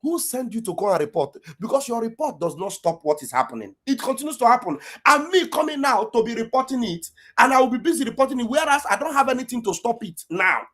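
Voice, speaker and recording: A woman's voice: fairly high pitch, expressive, quick pace, hardly any pauses, fairly bright tone. A woman with an Igbo Nigerian accent delivering an impassioned, accusatory political rant, raising her voice at times. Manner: fiery, accusatory, raises voice at times. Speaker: online political commentator.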